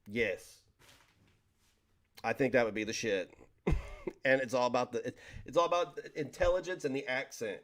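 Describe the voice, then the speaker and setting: Rambling, joking man chatting on stream. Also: medium pitch. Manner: rambling, joking, stumbles over words. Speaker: livestream host reading chat. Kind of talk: casual livestream chat.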